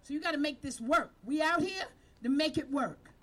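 A woman's voice: sits high, animated, normal speed, a bit bright. Fired-up woman preaching to her team. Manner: fiery, preaching, call-and-response. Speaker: community violence-prevention leader. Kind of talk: impassioned speech to a team. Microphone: handheld microphone.

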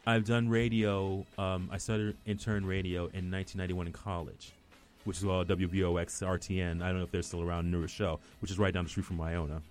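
A man's voice: low voice, little pitch movement, a little fast, darkish tone. A middle-aged man with a West Indian accent, an actor chatting as a guest and telling rambling stories full of restarts. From West Indies. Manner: rambling storyteller with many restarts. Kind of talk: casual chat.

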